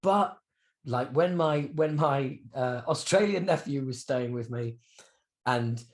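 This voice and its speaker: A man in his fifties, a guest musician telling stories animatedly in a candid interview, swearing freely. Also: takes it slowly. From United Kingdom. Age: 50s. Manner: animated storyteller with swings in pitch and loudness, swears freely.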